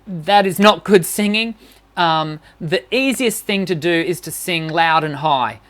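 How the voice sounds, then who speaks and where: A woman's voice: on the low side, unhurried. A woman vocal coach giving an encouraging, conversational live-streamed singing lesson and answering questions, with frequent restarts.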